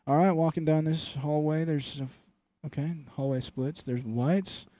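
A man's voice: a little high, steady tone, a little slow, dark tone, no room sound. A young man co-hosting a podcast, riffing crude jokes in casual chat. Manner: crude, joking, riffs on bits. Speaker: podcast co-host. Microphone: studio microphone.

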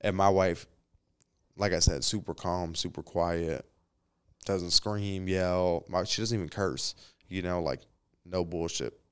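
Low-voiced man telling a story. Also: unhurried, smooth. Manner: animated storyteller, acts out quotes, swears freely. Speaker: podcast guest. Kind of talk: casual storytelling chat.

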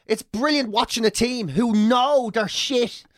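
A man's voice: very high voice, a little slow, no echo, clean studio sound. An Irish man co-hosting a podcast, telling stories animatedly, swearing often. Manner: animated storytelling, swears often, breaks into chants. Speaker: podcast co-host. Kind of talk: casual chat.

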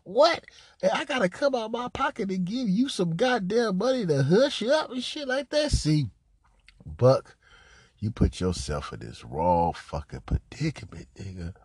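A man giving casual, profane commentary on a recorded phone call, mocking, repetitive and animated, often laughing and coughing. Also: high voice, normal speed, slightly rough, no room sound, studio quality. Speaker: commentator reacting to a leaked call.

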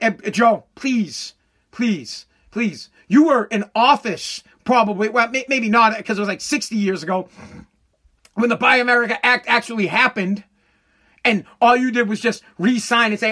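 Heated, profane woman ranting. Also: animated. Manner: swings from shouting to slow, low emphasis. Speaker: political commentator. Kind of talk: ranting political commentary.

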